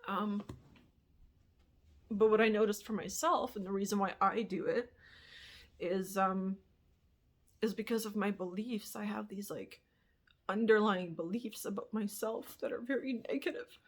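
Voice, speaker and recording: A woman's voice: medium pitch, unhurried, long pauses. A young woman vlogger talking candidly and at length in a personal monologue, rambling and swearing casually as she reflects. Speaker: spiritual vlogger.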